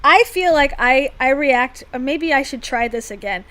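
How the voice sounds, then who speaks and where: Chatty woman with a high voice. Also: animated, moderate pace, a bit bright, rough recording. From Florida, United States. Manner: chatty, self-deprecating, laughs often. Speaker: livestream co-host. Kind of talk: casual chat.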